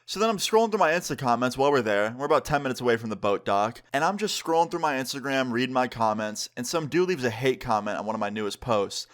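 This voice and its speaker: A man's voice: mid-range voice, lively intonation, fairly bright tone. A young man, a YouTuber, telling a casual storytime with slang and lots of "like". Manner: slangy, fast, full of "like".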